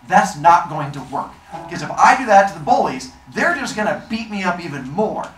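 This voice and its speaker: A man doing a whiny teenage boy, high and eager. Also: fairly quick, reverberant, recorded from a distance, slight background noise, low-quality recording. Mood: indignant. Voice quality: high and strained, excitable.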